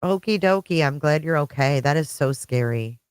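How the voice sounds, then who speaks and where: A woman's voice: deep voice, animated, normal speed, clean tone, no echo. A middle-aged woman hosting a casual livestream, chatting with viewers and greeting them by name. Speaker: livestream host. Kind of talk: casual live-chat stream.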